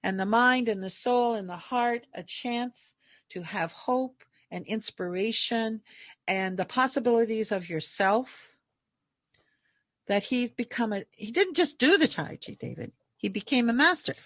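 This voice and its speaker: A woman naturopathic doctor telling lively stories in a casual podcast chat, acting out the people she quotes. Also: on the high side, measured pace, dry recording.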